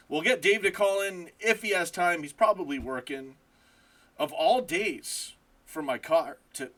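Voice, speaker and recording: Excitable man live-streaming from home. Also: a little high. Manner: excitable, swears, laughs often. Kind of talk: casual live-stream chat.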